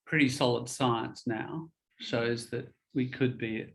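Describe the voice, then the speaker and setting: A man teaching English in a relaxed one-on-one lesson, explaining ideas patiently and spelling words out. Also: medium pitch, a little slow, creaky, low-quality recording.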